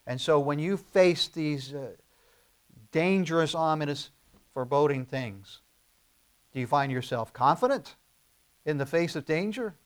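A male pastor preaching a sermon, asking the congregation rhetorical questions and slowing down to stress key phrases. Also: on the high side, lively intonation, smooth. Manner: rising to emphatic, slowed declarations on key phrases.

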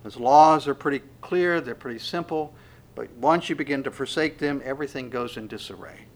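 A man preaching an expository sermon, reading scripture verses and pressing them home emphatically, rising loud on the quotes. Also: medium pitch, fairly quick, a little hiss or hum.

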